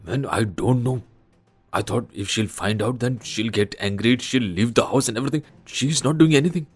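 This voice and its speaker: A man's voice: mid-range voice, normal speed, husky, soft background music. A man as a guilty pleading husband. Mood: flustered. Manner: pleading, flustered.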